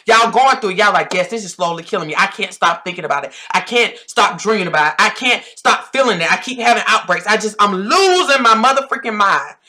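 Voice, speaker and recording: A woman's voice: on the high side, pushed and bright. A woman in her thirties with a Southern US accent, giving a blunt, preachy pep talk as a life coach and repeating phrases for emphasis. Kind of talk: direct-to-camera pep talk.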